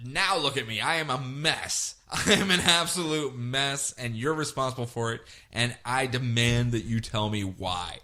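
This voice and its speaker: Man doing a slow, accusing monster king. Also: medium pitch, pushed and bright, natural voice. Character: menacing male sea-monster king, bitter and demanding.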